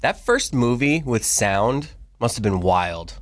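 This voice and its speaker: A man's voice: mid-range voice, expressive, slow. A man co-hosting a podcast, talking casually with a wry, teasing manner. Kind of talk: casual chat.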